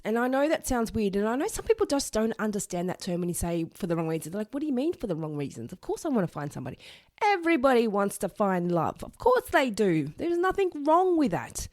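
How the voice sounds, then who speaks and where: A woman talks straight into a close podcast mic, earnest and chatty, with a touch of self-deprecation. Her voice sits at an ordinary middle pitch. The room adds no echo, so the sound stays dry and close. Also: darkish tone. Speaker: podcast host. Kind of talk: solo motivational podcast talk.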